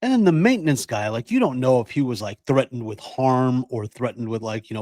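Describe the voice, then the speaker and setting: Male co-host, mid pitch, dry close sound, quick jokes and laughter. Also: animated, a little mellow, no room sound. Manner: joking, laughs a lot, acts out quick quoted voices. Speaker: podcast co-host. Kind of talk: casual podcast chat.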